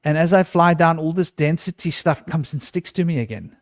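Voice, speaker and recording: A man's voice: fairly high pitch, fairly quick, dry recording, clean studio sound. A man in an unscripted podcast conversation, telling a personal story earnestly and often restarting his sentences.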